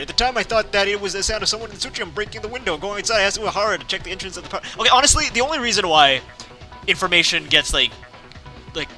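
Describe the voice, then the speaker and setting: A man's voice: high-pitched, bright, forceful tone. A young man casually playing through a visual novel, reading the text aloud, rambling, correcting himself and laughing often. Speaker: let's play host.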